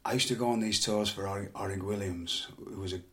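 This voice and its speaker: A middle-aged man from England spins lively stories from his wrestling years. He repeats words as he builds up a tale, breaks into laughs, and keeps a fairly low voice. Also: brisk. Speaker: former wrestler, guest. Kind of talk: casual storytelling chat.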